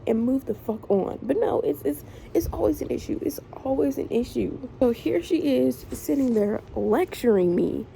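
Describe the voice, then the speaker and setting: A woman's voice: sits high, sing-song, moderate pace, creaky, few pauses, mellow, a little hiss or hum, low-quality recording. A young woman vlogging in a frustrated, emotional way, swearing often as she vents. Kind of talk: casual venting vlog.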